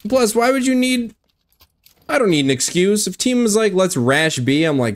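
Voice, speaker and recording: A young man streaming a shooter game, commenting on his own play in an excitable, foul-mouthed way. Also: medium pitch, normal speed. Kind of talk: live gameplay commentary.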